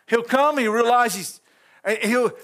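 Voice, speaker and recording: A middle-aged man with a strikingly high voice leads an informal church sermon. His delivery is folksy and chatty, dotted with chuckles, and he speaks directly to the people in the pews. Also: unhurried, fairly bright tone. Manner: folksy, chuckling, talks straight to the congregation. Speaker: pastor.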